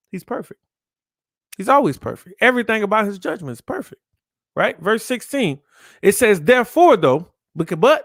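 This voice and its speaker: High, lively preaching man. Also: dry recording, clean studio sound. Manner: preachy, repeats lines for emphasis, rhetorical questions. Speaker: podcast host. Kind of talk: preaching from scripture.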